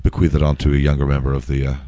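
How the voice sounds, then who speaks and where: A man co-hosting a casual podcast, deadpan and boasting in a self-mocking way. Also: extremely low pitch, racing, smooth, no room sound. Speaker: podcast co-host.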